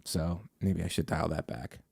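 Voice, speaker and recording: A man's voice: sits low, moderate pace, creaky, a little mellow, breathy edge, no room sound, studio quality. A man hosting a podcast, a stand-up comedian who talks in a rambling, self-interrupting, sarcastic way. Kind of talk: casual podcast chat.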